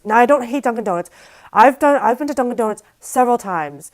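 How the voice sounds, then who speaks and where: A woman vlogger telling a story to camera in a casual, animated, exasperated way, with lots of "like". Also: fairly high pitch, brisk, rough recording. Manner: casual, filler-heavy speech with frequent "like".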